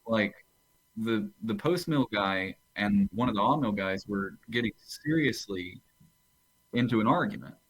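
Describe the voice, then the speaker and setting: A man's voice: fairly low pitch, animated, unhurried, fairly bright tone, husky, dry recording, low-quality recording. A man, a pastor on a podcast, talking casually about theology and rambling into stories, often restarting his phrases.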